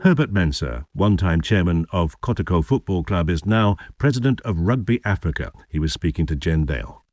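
Man, radio presenter, very deep voice, lively intonation, dry studio. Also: brisk, faint music behind. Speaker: programme presenter. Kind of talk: news presenting.

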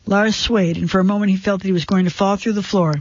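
Male narrator, higher register, tense measured read for suspense fiction, dry muffled studio sound. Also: steady tone, dry recording. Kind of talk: scripted narration of a suspense story.

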